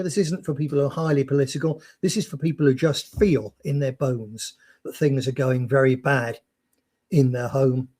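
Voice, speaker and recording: A man's voice: medium pitch, warm tone, slightly rough. A man telling an anecdote with many fillers and restarts, then reading a prepared text aloud. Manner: rambling storyteller with frequent restarts and fillers. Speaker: speaker presenting a project.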